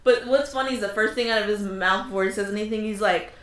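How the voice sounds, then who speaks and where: A woman's voice: medium pitch, quick pace. Woman podcast co-host, casual banter, recorded in an echoey room. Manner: laughs often, relaxed banter. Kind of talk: casual chat.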